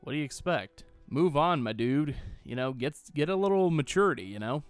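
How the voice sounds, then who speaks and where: A young Texan from Austin vents solo about a movie with exasperated sarcasm, uninhibited swearing, and silly-voiced imitations of the dialogue. His smooth, slightly high, expressive voice runs fairly quick, dry apart from faint background music.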